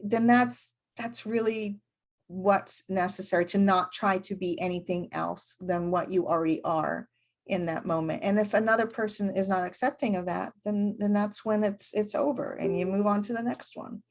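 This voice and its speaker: A woman co-hosting a podcast, talking in a thoughtful, searching way with frequent pauses. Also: mid-range voice. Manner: thoughtful, many fillers and restarts. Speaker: podcast co-host, medium. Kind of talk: reflective casual chat.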